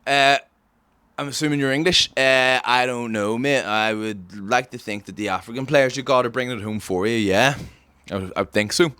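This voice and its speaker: A man's voice: mid-range voice, normal speed, bright, forceful tone, clean tone, no room sound. A man with an Irish accent hosting a podcast, delivering an emphatic, ranting satirical comedy monologue. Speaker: podcast host.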